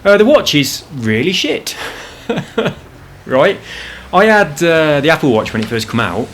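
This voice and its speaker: A man's voice: fairly high pitch, very animated, a little slow, fairly bright tone, slight background noise. A man chatting casually over gameplay at home, rambling and swearing freely about his frustrations. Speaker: gaming channel host. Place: home apartment.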